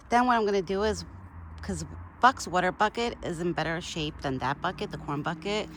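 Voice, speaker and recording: A woman talks into her phone outdoors, chatty and bubbly, laughing easily and a little out of breath. Her voice sits on the low side. A faint outdoor hum runs under her. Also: moderate pace, a bit bright. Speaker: vlogger feeding a deer. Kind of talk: casual outdoor vlog. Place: outdoors in a yard.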